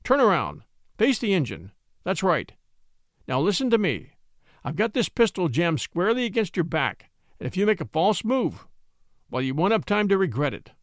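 A man voicing a clever young lawyer who speaks in a stern, measured, confident way. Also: high voice, sing-song, no echo, clean studio sound.

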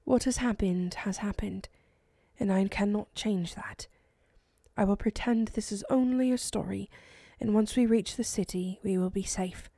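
A fragile young woman in a storybook, grief-stricken and soft-spoken, as a woman reads her lines, her words slipping into breathy whispers. The voice is mellow and close, with a dry, dead sound around it. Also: medium pitch, measured pace, no echo. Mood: calm resolve.

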